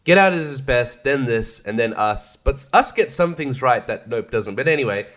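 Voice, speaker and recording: A man's voice: mid-range voice, expressive, moderate pace, fairly bright tone. A man hosting a casual film review podcast, rambling and sarcastic, swearing freely and laughing often. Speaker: podcast host reviewing films.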